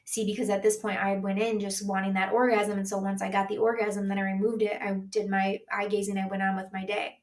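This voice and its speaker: A woman's voice: medium pitch, level tone, brisk, hardly any pauses, far from the mic. A woman sex coach hosts her own podcast and talks candidly in a loose, chatty way, full of likes and restarts. She speaks from a room at home, sitting a little back from the mic, so her voice carries a roomy echo. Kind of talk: casual solo podcast talk.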